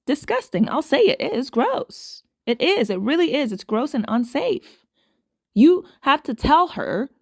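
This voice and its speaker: A woman with a fairly high voice gives casual commentary straight to her viewers. She is emphatic and keeps repeating words to drive them home. The sound is close and dry. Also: no room sound. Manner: emphatic, repeats phrases for stress. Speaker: commentary host.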